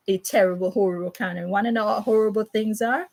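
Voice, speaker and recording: A woman's voice: mid-range voice, fast talker, rough recording. A woman talking in a rambling, repetitive monologue, reading news aloud with restarts and stammers, often emphatic. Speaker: vlogger commenting on news.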